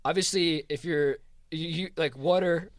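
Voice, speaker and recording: A man's voice: medium pitch, fairly quick, dry recording, studio quality. A man with a South Jersey accent, a guest on a podcast interview, explaining his ideas in a rambling casual way, full of "like" and restarts. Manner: rambling, heavy on "like", frequent restarts. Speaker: guest, crypto fund co-founder.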